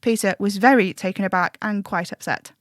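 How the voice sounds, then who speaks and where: A woman's voice: medium pitch, brisk, no echo, clean studio sound, close to an everyday voice. A woman voicing an earnest, matter-of-fact stand-in male radio advice host who over-explains things, in an audio drama. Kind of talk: scripted audio drama monologue.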